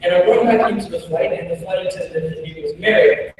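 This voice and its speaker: Young congolese guy, kiswahili first language, giving a keynote, highish voice, booming echo from far off. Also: fairly quick, crowd noise. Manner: animated and humorous, with frequent laughs. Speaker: keynote speaker. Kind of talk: storytelling keynote talk. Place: large hall. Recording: echoey hall, far from the mic.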